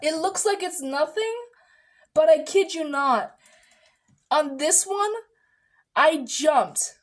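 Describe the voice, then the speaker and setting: A woman with a high, bright-sounding voice vlogs about her day in a casual, rambling way. She acts out other people's lines, jumps from mutters to loud outbursts, and swears freely as she talks into her phone camera. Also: slow. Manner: animated, swearing, dramatic retelling with quoted voices. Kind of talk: casual vlog storytelling.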